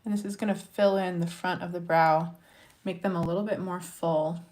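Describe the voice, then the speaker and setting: A woman's voice: lowish voice, steady tone, moderate pace, darkish tone. A young woman from Montana chatting to her viewers in a casual makeup tutorial, encouraging and talking while she works. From Montana, USA. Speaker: makeup vlogger.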